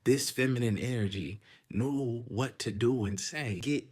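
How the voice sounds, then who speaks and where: A young adult man casually telling a story to camera, slangy and animated, now and then dropping into a hush. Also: medium pitch, a little slow, slightly rough. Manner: animated, slangy, dips into hushed whispers.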